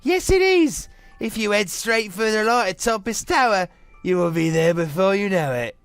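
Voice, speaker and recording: A man lends his voice to a cheerful, see-through dove who lives in the town, sounding high and airy. The lines come slow and singsong, as if he is welcoming guests. Faint game music plays underneath. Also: lively intonation, gravelly, fairly bright tone, clear, resonant tone, dry recording, heavily acted.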